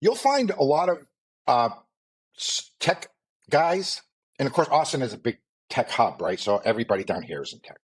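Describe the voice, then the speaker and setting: A man's voice: mid-range voice, very animated, moderate pace, slightly rough. A middle-aged man with a mild Maine accent, co-hosting a podcast in a loose, rambling chat full of fillers and asides. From Maine, USA. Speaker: podcast co-host. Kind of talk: casual chat.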